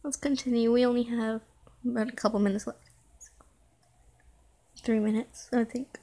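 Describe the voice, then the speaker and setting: A woman's voice: on the high side, level tone, moderate pace, warm tone, a little hiss or hum. A woman commentating a reaction video in a casual way, jittery and easily frightened, talking herself through it.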